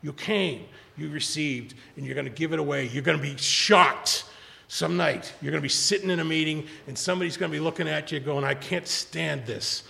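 A man telling his recovery story to a large audience, rambling with many restarts, speaking quietly and rising when he urges the crowd. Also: fairly high pitch, brisk. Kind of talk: personal testimony talk. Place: large hall before an audience. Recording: long hall reverb, gravelly.

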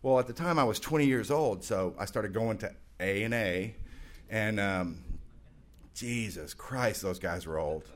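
A man in his forties telling his recovery story to a meeting with self-mocking humor, rambling along and bursting into loud, excited quotes. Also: on the low side, unhurried. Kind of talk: personal testimony with humor.

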